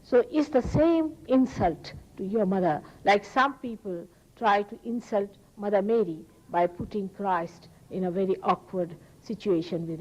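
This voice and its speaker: A woman giving a public spiritual talk, earnest and emphatic, often rising sharply in pitch. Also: a little mellow, muffled recording. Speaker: spiritual teacher. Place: public hall.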